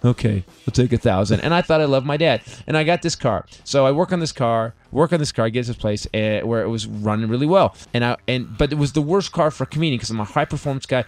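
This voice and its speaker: A middle-aged man, a stand-up comedian, telling a rambling, animated story full of punchy asides and quick restarts. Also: mid-range voice, dry recording. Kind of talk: comic storytelling in conversation.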